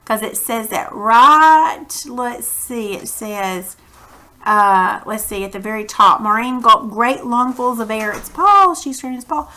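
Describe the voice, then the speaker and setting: A woman's voice: a little high, slow pace. A woman teaching a reading lesson to children and acting out quoted lines. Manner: animated, acts out quoted lines. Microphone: computer mic for recorded lesson.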